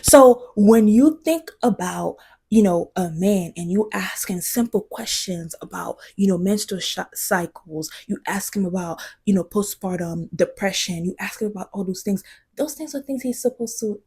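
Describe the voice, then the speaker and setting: Woman vlogger, husky voice, passionate and emphatic, dips into near whispers. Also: mid-range voice, moderate pace, mellow. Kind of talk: casual commentary to camera.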